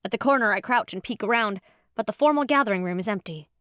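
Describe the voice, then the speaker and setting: A woman narrating a first-person audiobook in a lively, expressive storytelling manner. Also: medium pitch, fast, clean tone, no room sound. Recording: dry close studio sound.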